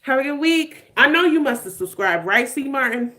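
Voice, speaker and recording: A woman's voice: high voice, expressive, normal speed, pushed and bright. A woman in her twenties hosting a casual live stream, chatting with viewers in a playful way, laughing often and dropping slangy asides.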